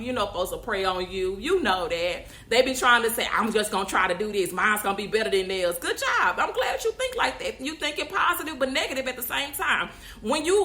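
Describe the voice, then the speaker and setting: A woman hosts a faith podcast, speaking in a high, bright voice. She gives casual motivational advice, repeating phrases for emphasis and breaking into laughter along the way. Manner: preachy, encouraging, repeats phrases, laughs often. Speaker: podcast host.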